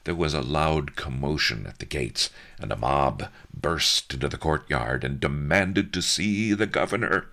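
A man reads an audiobook in an extremely deep, gravelly voice. He takes a slow, unhurried pace with wry, dry storytelling and a lively, rising and falling delivery. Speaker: narrator. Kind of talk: audiobook narration.

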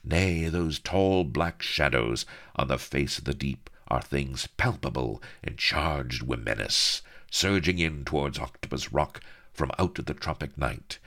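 A man's voice: a bass voice, a bit bright. A man narrating a comic adventure story in a mock-grand, playful way. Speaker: audiobook narrator.

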